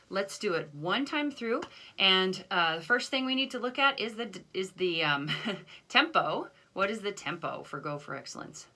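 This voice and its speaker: A woman's voice: on the low side, sharp tone. A woman band teacher recording a video lesson, counting off beats and explaining patiently with self-deprecating asides.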